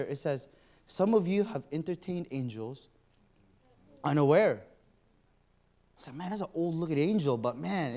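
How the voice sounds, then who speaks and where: A man with a fairly high, somewhat mellow voice gives a sermon in a church auditorium. Within it, he tells a personal story and performs his own inner voice.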